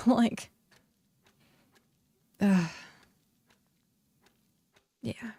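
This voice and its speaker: A woman's voice: medium pitch, fairly even intonation, normal speed, gravelly, long pauses, dark tone, no room sound, clean studio sound. A woman streaming a game and chatting casually, filling her talk with "like" and laughing often. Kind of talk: casual livestream chat.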